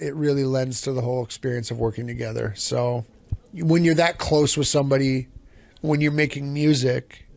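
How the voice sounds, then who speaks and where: A man's voice: medium pitch, creaky, a little mellow, no echo. A man who sings in a band, telling a long story in a casual interview, restarting sentences and swearing freely. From Canada. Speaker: band singer and songwriter.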